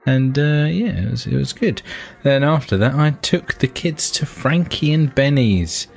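A man's voice: mid-range voice, animated, a little slow, gravelly, soft background music. A man with a British accent co-hosting a gaming podcast, chatting casually and swearing freely. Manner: laid-back, swears freely. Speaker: podcast co-host. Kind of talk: casual chat.

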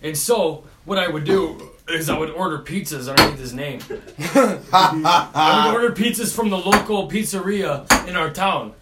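A man's voice: on the high side, normal speed, reverberant, recorded from a distance, very noisy. A young man co-hosting a podcast, telling stories casually with lots of cursing and laughter. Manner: profane, laughing storyteller. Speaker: podcast co-host. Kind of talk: casual storytelling chat.

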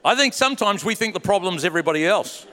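A man preaching a sermon as pastor, telling stories in a relaxed way and then building to an urgent, rising preaching cadence. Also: high voice, fast, a little hiss or hum. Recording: long hall reverb in a church.

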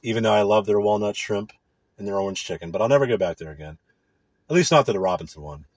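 A man's voice: fairly low pitch, fast, darkish tone, dry recording. A man in a casual, profane, indignant rant. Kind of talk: casual ranting monologue.

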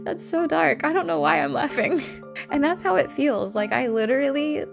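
A woman's voice: high-pitched, normal speed, vocal fry, music in the background. A woman telling a true crime story in a candid, casual way, swearing freely and breaking into nervous laughter.

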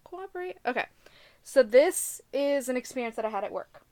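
A woman's voice: high voice, animated, moderate pace, a little mellow, no echo. A young woman co-hosting a casual podcast, telling work stories with frequent giggles. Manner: giggly storyteller, reads notes aloud. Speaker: podcast co-host. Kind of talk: casual chat.

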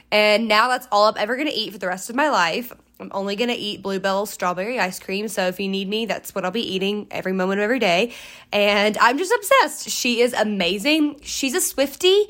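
A woman's voice: mid-range voice, a bit bright. A woman, hosting a casual solo podcast, chatty and rambling with upbeat, encouraging gushing. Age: 20s. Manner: chatty, rambling, self-interrupting. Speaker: podcast host.

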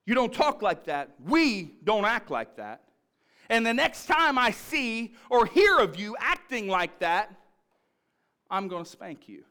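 A man's voice: high voice, very animated, slow, bright, forceful tone, smooth, exaggerated voice. A man voicing a strict old-fashioned father who delivers clipped, stern warnings.

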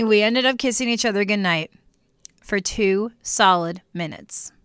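A young woman chats on her podcast, telling lively stories and laughing often. Her voice is bright, clear and a little higher than most. She also gives faith-based encouragement to listeners, recorded close and dry. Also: measured pace, dry recording. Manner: animated storytelling with laughter. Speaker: podcast co-host. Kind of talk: casual chat.

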